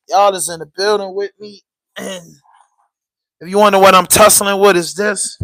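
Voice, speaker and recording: A man's voice: high voice, fairly even intonation, moderate pace, bright, forceful tone, dry recording, low-quality recording. A man hosting his own podcast vlog from home, chatting casually and rambling straight to his viewers. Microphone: portable camera.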